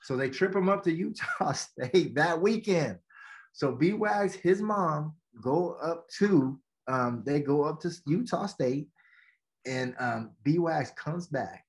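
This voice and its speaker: A man's voice: a little high, takes it slowly. A man guest on a podcast, telling stories in a casual way, acting out quotes and often saying "man". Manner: animated storytelling, acts out quotes, says "man" often. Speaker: guest, educator and former football coach. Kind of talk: casual storytelling in a podcast interview.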